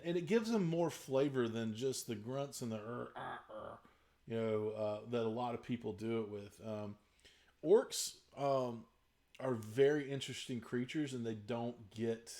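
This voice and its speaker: A man's voice: mid-range voice, darkish tone. A man from Southern West Virginia with a faded accent from there, a dungeon master answering questions in casual talk, rambling with many fillers and restarts.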